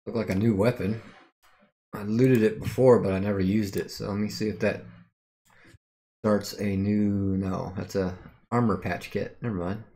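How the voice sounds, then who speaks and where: Fairly low, steady, and mellow, this man's voice moves at normal speed with long pauses as he streams a game. In a casual let's-play, he thinks aloud and mutters while figuring out the menus and skills.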